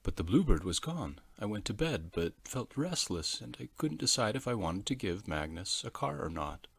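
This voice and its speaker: A man narrating a children's storybook in an expressive storyteller reading. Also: on the low side, moderate pace, creaky, slightly rough.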